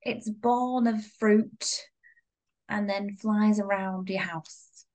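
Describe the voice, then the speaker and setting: A woman's voice: mid-range voice, fairly even intonation, takes it slowly, a little mellow. A woman co-hosting a podcast in casual chat, wry and exasperated, with some laughter. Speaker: podcast co-host.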